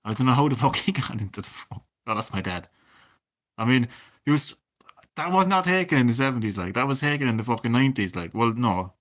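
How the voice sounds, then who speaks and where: A man in his thirties, chatting casually and swearing a lot as a gaming streamer, drifting between loud remarks and mumbled asides. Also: mid-range voice, expressive, brisk. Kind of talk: casual rambling commentary.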